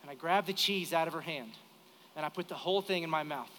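Man, 30s, pastor, high bright voice, animated storytelling, live church hall reverb. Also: quick pace. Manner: storytelling, animated, acts out dialogue. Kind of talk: sermon. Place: church sanctuary during live service.

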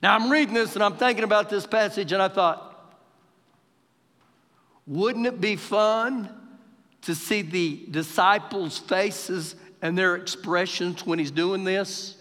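Bright-voiced Texan pastor preaching. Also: male voice, high voice, measured pace. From Texas. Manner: animated preacher, raising his voice for quoted lines. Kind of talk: sermon. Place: church sanctuary during live service. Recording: live hall with long reverb.

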